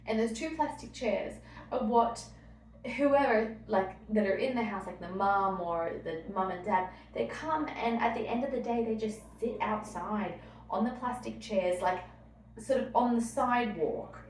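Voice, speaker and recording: A young woman with an Australian accent muses warmly in a casual travel vlog, rambling with little fillers. Her voice sits a touch high. She sounds off-mic in a reverberant space with faint ambient noise behind her. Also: a little slow, recorded from a distance. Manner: chatty, reflective, many fillers. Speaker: vlogger. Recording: roomy, off-mic, light ambience.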